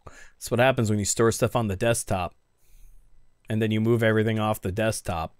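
A man's voice: lowish voice, steady tone, normal speed, smooth, no echo. A man hosting a casual game playthrough, reading along and tossing in wry, profane asides. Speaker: let's play host.

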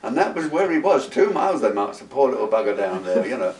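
A man, telling wartime memories in a lively, folksy way with plenty of asides. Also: mid-range voice, fast. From London, England. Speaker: interviewee, wartime veteran. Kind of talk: casual spoken recollection. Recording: roomy, distant mic with faint guitar music.

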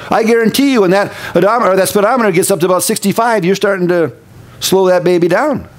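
A man's voice: high voice, quick pace. A middle-aged male pastor from Minnesota giving a casual, folksy sermon with candid conversational asides.

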